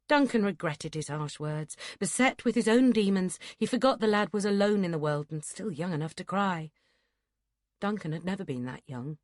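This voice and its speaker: In this clip, a woman narrates an audiobook from a script in a measured, steady reading. Her voice is mid-range, and the studio-quality recording carries no room sound.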